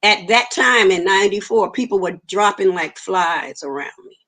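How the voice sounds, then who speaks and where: A woman's voice: medium pitch, lively intonation, normal speed, a bit bright. A woman, giving an earnest personal testimony in an interview and acting out the dialogue she quotes. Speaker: interview guest.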